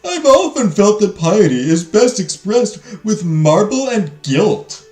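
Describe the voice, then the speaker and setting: A man voicing a pompous, loud, wealthy French gentleman with a put-on French accent, boasting slowly in a booming voice. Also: big pitch swings, exaggerated voice. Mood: boastful. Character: pompous loud rich male French patron. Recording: roomy echo, faint music.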